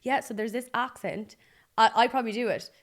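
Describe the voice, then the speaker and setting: A woman hosting a casual interview, chatty and encouraging with quick asides. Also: fairly high pitch. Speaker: podcast host.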